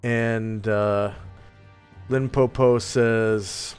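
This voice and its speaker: Slow, smooth-voiced male game master. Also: lowish voice. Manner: relaxed, meandering narration with many ums. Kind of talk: narrating a tabletop game. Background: faint music.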